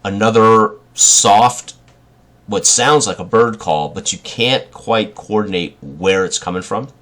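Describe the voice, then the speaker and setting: A man's voice: fairly low pitch, takes it slowly, fairly bright tone. A man running a tabletop role-playing game as game master, describing scenes with many fillers and restarts.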